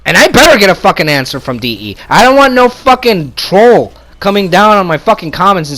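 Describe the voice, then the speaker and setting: A man's voice: high-pitched, very animated, brisk, hardly any pauses, sharp tone. Angry swearing man ranting. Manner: heated, swearing, repetitive, sarcastic. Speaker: gamer ranting on video. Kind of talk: angry profane rant. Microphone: console capture mic.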